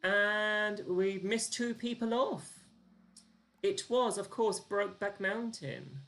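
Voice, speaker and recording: Over faint music, a quiz host on a live stream talks slowly in a mid-range, somewhat bright voice. They banter with self-deprecating humor, count down the clock, and announce the answers and leaderboard.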